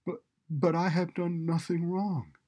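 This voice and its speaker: A man's voice: a little high, steady tone, unhurried, dark tone, voice pushed up. A man voicing a weary, frightened prisoner who stammers in a muffled, resigned voice. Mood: pleading. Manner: pleading, resigned.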